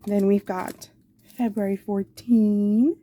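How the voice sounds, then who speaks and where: A woman's voice: mid-range voice, flat delivery, slow pace, mellow, a little hiss or hum. A woman in her forties, chatting casually and affectionately as she shows off craft supplies, with rambling asides. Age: 40s. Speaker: craft channel host. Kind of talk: casual show-and-tell chat.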